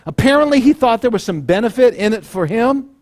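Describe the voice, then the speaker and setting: High-voiced man preaching casually. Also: animated, fairly quick, darkish tone. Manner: conversational preaching, acts out the people in the story. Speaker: pastor. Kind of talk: sermon.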